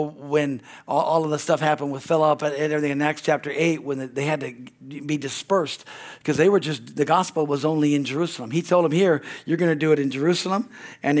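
A middle-aged American man preaches with fervor, dotting his sermon with amens and hallelujahs. His voice sits a little higher than most men's. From United States. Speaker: pastor. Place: church sanctuary.

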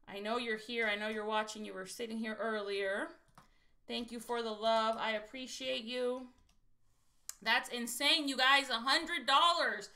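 A woman from Texas, her voice on the high side, hosts a casual livestream scratching off lottery tickets. She's chatty and excitable, speaking directly to viewers and saying "you guys" again and again.

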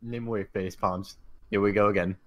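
Man player, tabletop game, sarcastic, dry humor, lowish voice. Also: fairly even intonation, normal speed, no room sound.

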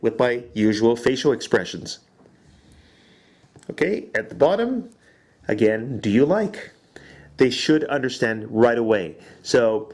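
A man, an English teacher, talking to other teachers and slowly modelling classroom questions and answers. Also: mid-range voice, expressive, a little mellow. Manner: slow, clearly modelled classroom phrases. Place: teaching in Japan.

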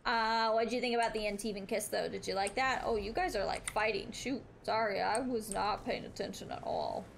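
A woman's voice: mid-range voice, sing-song, a little fast, vocal fry, a little hiss or hum. A young woman streaming a game, chatting with her viewers, swearing freely and reading in-game text aloud. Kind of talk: live gameplay commentary.

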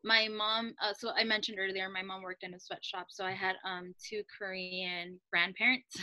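A woman's voice: medium pitch, flat delivery, moderate pace, sharp tone. A woman chatting casually, thoughtful, often checking in with "right?". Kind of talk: casual chat.

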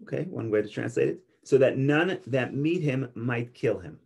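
A man teaching a Torah class on Genesis, speaking slowly with many restarts and quoting Hebrew. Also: mid-range voice, lively intonation, gravelly, a little mellow, breathy edge. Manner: slow, searching, with restarts and Hebrew quotes.

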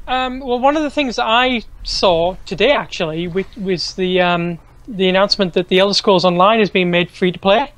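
A man's voice: high-pitched, normal speed, hardly any pauses, fairly bright tone. A man co-hosting a casual gaming podcast, giving his opinions bluntly and dismissively. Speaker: podcast co-host. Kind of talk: casual chat.

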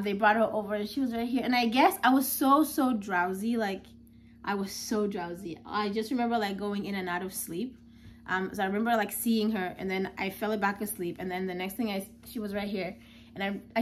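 A young woman recounts a personal story, chatty and unpolished, with frequent filler words. Her voice sits at a middling pitch. A faint hiss runs underneath. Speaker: new mother.

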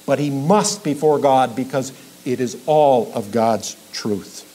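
A middle-aged male pastor preaching an expository sermon, emphatic, building to loud peaks on key points. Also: medium pitch, slow, poor audio. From Minnesota.

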